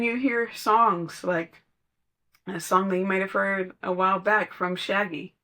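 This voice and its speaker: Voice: mid-range voice, fairly even intonation, measured pace, pushed and bright. A podcast speaker in casual spiritual talk, telling stories conversationally and laughing now and then.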